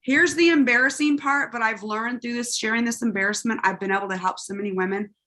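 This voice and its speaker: A woman, telling her story on a group call in a sassy, animated, self-mocking way. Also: fairly high pitch, fast talker. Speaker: guest sharing testimony. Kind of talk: lively call testimony.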